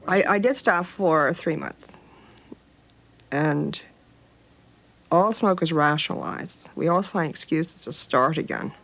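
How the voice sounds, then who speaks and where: A woman's voice: deep voice, takes it slowly, pauses often, a bit bright. A woman who smokes, telling a story with wry hesitation in a documentary interview.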